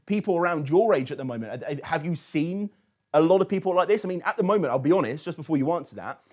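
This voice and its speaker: A man's voice: a little high, animated, fast talker. A man hosting a political talk show, asking long questions with frequent restarts. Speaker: host.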